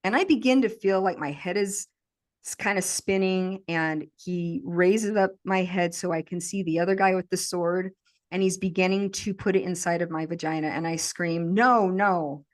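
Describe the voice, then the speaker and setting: A woman's voice: on the low side, fairly even intonation, moderate pace, darkish tone. A woman, a podcast guest, recounting a traumatic memory in vivid, intense present-tense storytelling.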